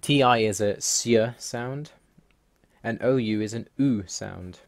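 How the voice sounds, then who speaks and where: A man's voice: medium pitch, takes it slowly, creaky. A man host narrating a voice-over, methodically listing language rules one by one, wry and mildly exasperated. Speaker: language-learning video host. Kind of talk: explanatory voice-over over slides.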